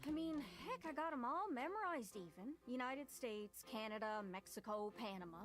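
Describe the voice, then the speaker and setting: A woman's voice: a little high, lively intonation, moderate pace, over music, lightly acted. A woman playing Gaia, Newfoundland traveler. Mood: chatty. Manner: rambling, apologetic, folksy dialect. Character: chatty, eager young woman traveler, overly forward. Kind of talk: game voice acting.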